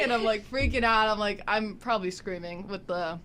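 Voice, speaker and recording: A young woman tells a story on a college radio show, talking casually and acting out the quotes with lots of drama. Her pitch sits in an ordinary middle range. There is a faint hiss of noise behind her in the studio. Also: fairly quick, hardly any pauses. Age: young adult. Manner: animated storyteller, acts out voices. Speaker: college radio e-board member.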